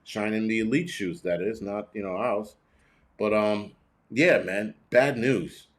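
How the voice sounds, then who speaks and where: A man hosting a prepping channel, chatting casually on a livestream and reacting to viewer comments, blunt and profane, rambling with many restarts and swinging between high and low pitch. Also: measured pace. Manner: animated, jumping between high and low pitch when ranting.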